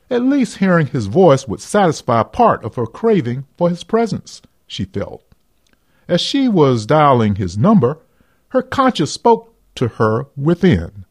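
A man narrating a radio drama in a slow, dramatic storytelling manner. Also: fairly high pitch, breathy edge.

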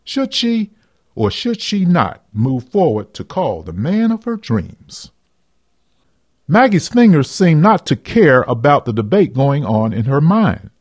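A man's voice: mid-range voice, a little mellow. Man narrating a dramatic radio story.

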